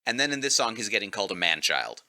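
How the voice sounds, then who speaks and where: A man's voice: lowish voice, quick pace. A man on a music podcast panel, joking wryly in casual chat. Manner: wry, joking, animated.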